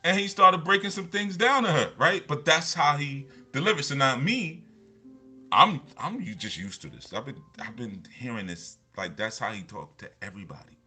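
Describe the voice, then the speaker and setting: A man's voice: medium pitch, animated, normal speed, sharp tone, breathy edge, soft background music. A man, a motivational speaker, telling personal stories in a loose, rambling way, with lots of restarts and repeated fillers. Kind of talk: casual storytelling talk.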